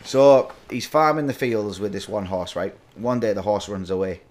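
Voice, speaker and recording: Lower-voiced joking podcast host. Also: male voice, moderate pace, a crowd in the background. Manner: banter-filled, joking storyteller. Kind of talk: casual chat.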